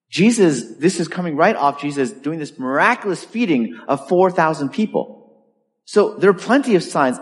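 A man preaching a sermon in an emphatic, animated way, leaning hard on key words. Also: on the high side. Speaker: pastor. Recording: long hall reverb.

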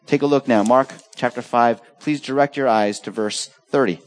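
A middle-aged man preaching a sermon as pastor, animated, swinging between urgent highs and soft low asides. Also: moderate pace.

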